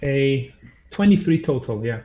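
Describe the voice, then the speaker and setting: Slow, halting male player. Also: medium pitch, lively intonation, mellow, dull audio. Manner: halting, searching for words. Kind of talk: tabletop game chat.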